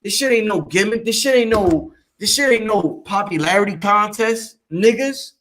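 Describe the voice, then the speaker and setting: A man raised in Brooklyn hosts a casual livestream and talks straight to his viewers. His voice sits a bit high for a man. His delivery is streetwise and full of profanity, and he gets animated as he answers the chat. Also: normal speed. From Brooklyn, New York.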